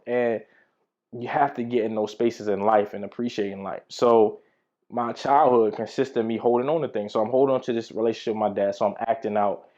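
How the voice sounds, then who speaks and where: A man's voice: lowish voice, fairly even intonation, a little fast, darkish tone, lo-fi sound. A man teaching from the Bible in a casual, slangy way, telling personal stories. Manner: conversational, slangy storytelling.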